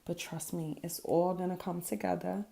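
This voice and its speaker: A woman's voice: on the low side, fairly even intonation, moderate pace, vocal fry, mellow. A woman talking casually through her makeup routine as a vlogger, candid and swearing freely with lots of ums. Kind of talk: casual makeup tutorial voice-over.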